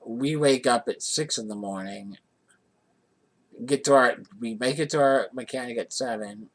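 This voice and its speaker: A man's voice: mid-range voice, a little slow. A man from the Johnstown area telling a casual personal anecdote in a rambling way, with many restarts. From Johnstown area, USA. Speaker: vlogger.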